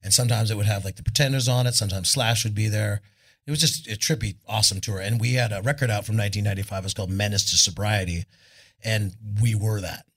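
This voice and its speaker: A man's voice: fairly low pitch, fast talker, husky. A man, a rock musician guest on a live club stage, telling a rambling, profane story and acting out the people in it. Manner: animated, swearing, acts out the people in his story.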